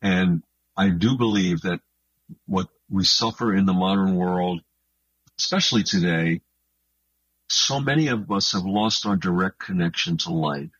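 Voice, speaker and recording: A man being interviewed on the radio about his books, talking in an earnest, thoughtful and unhurried way. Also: low-pitched, a bit bright, husky, no echo, highs cut off. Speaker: guest author.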